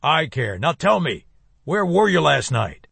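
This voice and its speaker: A man doing a gruff, commanding old grandfather. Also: a little high, sing-song, measured pace, a bit bright, no echo, pitched above the performer's own voice, full character voice. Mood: stern demanding. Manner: barking, commanding. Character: stern, gruff old grandfather, domineering patriarch.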